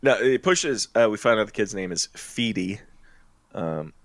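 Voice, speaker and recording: A low-voiced man casually recaps a movie on a podcast, rambling along with plenty of ums and quick laughs. His voice is deep and sits dry and close to the mic, with no room around it. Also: lively intonation, no echo. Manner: laughs often, rambling with many fillers. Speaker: podcast co-host. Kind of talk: casual chat retelling a film plot.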